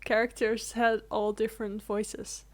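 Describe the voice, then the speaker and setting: Woman cohost, kinda high voice, jumps in with quick remarks and laughs. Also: flat delivery. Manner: short interjections, laughs. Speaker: podcast co-host. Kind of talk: casual chat.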